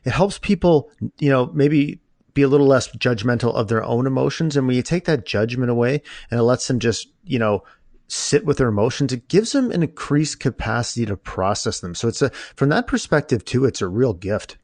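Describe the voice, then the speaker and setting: A man hosting his own podcast, chatting informally with jokes and lively asides. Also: medium pitch, fairly quick, no echo. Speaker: podcast host. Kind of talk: casual interview chat.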